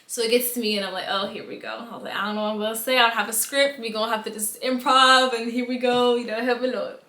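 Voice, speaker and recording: A woman's voice: a little high, quick pace. A woman from the United States telling embarrassing stories in a casual storytime vlog, acting out her own reactions with big swings in voice. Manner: animated storytelling with dramatic replayed reactions. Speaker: vlogger. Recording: echoey room.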